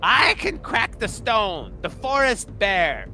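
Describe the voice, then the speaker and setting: A man's voice: high-pitched, big pitch swings, slow, gravelly, sharp tone, voice pushed up, full character voice. A man voicing a small, deranged male kobold king covered in jewels, who speaks in grand, archaic phrasing. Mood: riddling. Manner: archaic, commanding speech.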